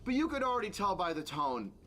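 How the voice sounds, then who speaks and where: A man's voice: sits high, very animated, fast, pushed and bright, faint music behind. A man giving sarcastic, mocking reaction commentary on a video as a streamer, ranting as he goes.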